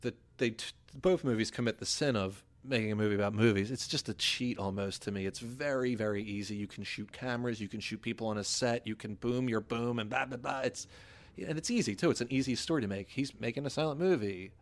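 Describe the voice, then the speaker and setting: A man's voice: medium pitch, fairly quick. A man co-hosting a podcast in casual film chat, blunt and opinionated, swearing casually as he talks. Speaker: podcast co-host.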